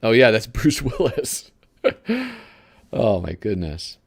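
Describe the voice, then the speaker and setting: A man's voice: lowish voice, wildly swooping pitch, takes it slowly, breathy edge. A male host giving casual live commentary while flipping through a magazine. He rambles, gropes for names and chuckles often.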